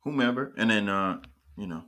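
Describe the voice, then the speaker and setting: A man's voice: lowish voice, lively intonation, normal speed, fairly bright tone. A man teaching a scripture class, often restarting his sentences and repeatedly asking if his listeners understand.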